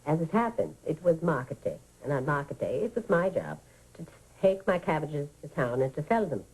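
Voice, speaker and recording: An elderly woman telling children an old family story. Her voice is low, dark and husky. She lingers on the story with sighs and feeling. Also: very animated, brisk, heavily acted, rough recording. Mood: warm reminiscing. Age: older. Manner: fond, vivid storytelling with sighs. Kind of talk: 1980s radio drama.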